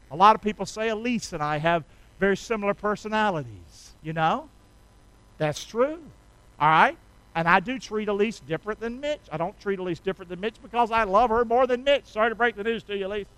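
A middle-aged man preaching a sermon, calling on the congregation to repeat lines with him and rising loud on key phrases. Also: high voice, clean tone, dry recording, poor audio. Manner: call-and-response preaching, asks congregation to repeat. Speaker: pastor.

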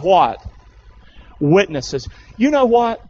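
A male pastor with a high-pitched voice delivers an animated sermon to a full church. He keeps calling out to the congregation and pressing them to respond. The recording sounds dull and lo-fi. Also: a little slow. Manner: animated, coaxing calls to the congregation.

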